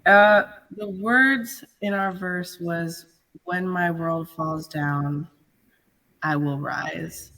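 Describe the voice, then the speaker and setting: A choir singer with a mid-pitched voice speaks slowly and gently over a video call. The words come in an unhurried way, with occasional soft laughter. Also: steady tone. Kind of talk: casual reflective explanation.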